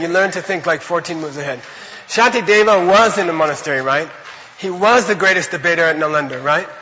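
A man giving an animated, conversational Buddhist teaching to a class, often checking in with his listeners. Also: sits high, in a large hall, dull audio. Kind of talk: dharma lecture to a class.

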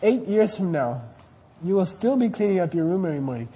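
Man, high-pitched voice, Buddhist teacher, quizzing questions, keeps checking understanding. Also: big pitch swings, fairly quick, mellow. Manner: quizzes the class, keeps checking "you see what I mean?". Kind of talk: dharma class teaching.

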